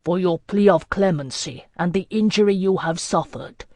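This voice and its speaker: A woman narrator lowers into a stern male warlord from a storybook fantasy. He speaks impassively, in measured and formal phrases, and expects to be obeyed. The voice sits dry and close to the mic. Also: a little mellow, dry recording. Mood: commanding.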